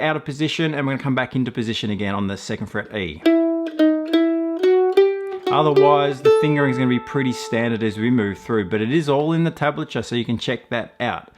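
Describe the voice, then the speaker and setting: A man teaching a mandolin tune step by step, patiently counting beats and calling out pick strokes. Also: medium pitch. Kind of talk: step-by-step music lesson. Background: loud mandolin playing.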